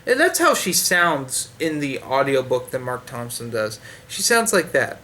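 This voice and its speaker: A man's voice: mid-range voice, lively intonation, measured pace, sharp tone. A man giving a sarcastic, profanity-heavy book review in a loose, rambling way, full of fillers and restarts. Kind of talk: ranting casual review.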